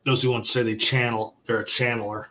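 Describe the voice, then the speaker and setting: A man's voice: medium pitch, level tone, pushed and bright. Skeptical man in casual chat. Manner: skeptical, halting with fillers and restarts. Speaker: podcast co-host.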